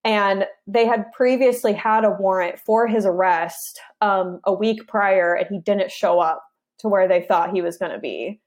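A woman's voice: mid-range voice, measured pace, a little mellow. A woman in her thirties, an interview guest, telling a personal story in an earnest, conversational way with frequent restarts.

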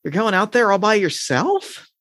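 A man's voice: high-pitched, huge pitch swings, moderate pace, a bit bright, no room sound, studio quality, voice pushed up, full character voice. A man voicing a moody, scared teenage girl runaway with sleepy, plaintive questions in a tabletop game. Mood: worried.

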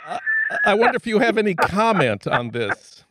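A man's voice: sits high, sing-song, normal speed, a bit bright, no echo. Wry male radio host, dry sound. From Minnesota. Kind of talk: radio interview.

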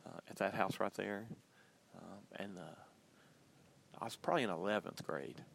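Man, podcast host, low voice with vocal fry, chatty and rambling, talking from his car. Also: a little slow, a bit bright. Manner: loose and chatty, many ums and uhs. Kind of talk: casual rambling monologue. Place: in a car while driving.

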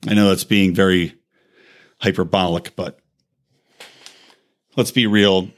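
A man's voice: sits low, fairly even intonation, takes it slowly. A man hosting a podcast, delivering a heated, profane rant with emphatic, wide swings in his voice. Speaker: podcast host. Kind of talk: ranting monologue.

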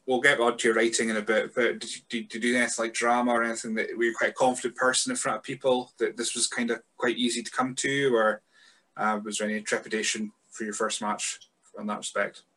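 A man's voice: medium pitch, little pitch movement, quick pace, pushed and bright. A man hosting a podcast who asks loose, rambling questions in a casual interview. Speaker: podcast host.

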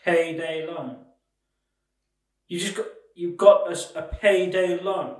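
High-voiced podcast co-host, incredulous and scolding, heard a bit off mic in a roomy space. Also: male voice, slow pace, recorded from a distance. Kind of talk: comedic podcast banter.

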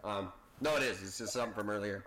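A man's voice: fairly low pitch, fast talker, a bit bright, poor audio. A man co-hosting a casual podcast, joking and swearing freely, often stopping and restarting with fillers. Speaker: podcast co-host. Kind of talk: casual chat.

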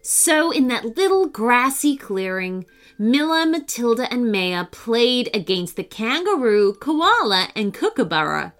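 A woman's voice: fairly high pitch, big pitch swings, measured pace, a bit bright, soft background music. A woman narrating a children's storybook, reading alliterative animal lists in a sing-song way.

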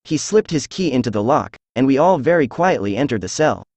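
A synthesized male voice reading a classic detective story aloud, even and measured, with little change between characters. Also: mid-range voice, no room sound. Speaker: audiobook narrator. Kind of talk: scripted narration.

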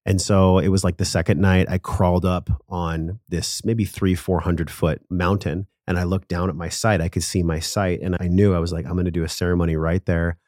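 Low deep-voiced guy on a podcast, earnest and emotional storytelling, swears casually, dry close mic. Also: flat delivery, a little fast, hardly any pauses, a little mellow, dry recording. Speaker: podcast guest. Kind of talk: candid personal storytelling.

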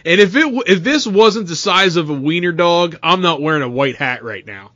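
A man co-hosting a podcast, telling stories in casual banter and stammering when excited. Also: fairly high pitch, normal speed, no room sound, muffled recording. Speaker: podcast co-host.

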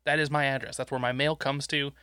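A man's voice: mid-range voice, level tone, fast talker, sharp tone, clean tone, dry recording, studio quality. A man co-hosting a podcast, blunt and profane, chiming in during casual chat. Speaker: podcast co-host.

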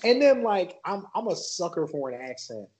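A man's voice: high voice, sing-song, moderate pace, darkish tone, a little hiss or hum, poor audio. A man from Maryland, a podcast guest, talking in a laid-back, loose way with lots of fillers. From Maryland, USA. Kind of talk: casual podcast chat.

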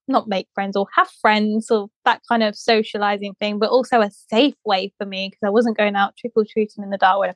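A woman's voice: mid-range voice, dry recording. A young woman co-hosting a casual chat show, rambling through stories with frequent laughs. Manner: chatty, laughs often, rambling asides. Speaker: podcast co-host.

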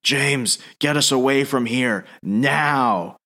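A man's voice: mid-range voice, slow pace, bright, forceful tone, voice pushed up. A man voicing an alien suit that has taken over a body, speaking in clipped, commanding fragments.

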